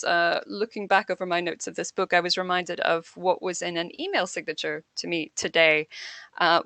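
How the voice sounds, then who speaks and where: A woman giving an academic panel talk in a measured, thoughtful way, often repeating a phrase as she works toward her point. Her pitch sits in a middle range. The sound is dry and close, with no room echo. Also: fairly bright tone. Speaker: panel speaker.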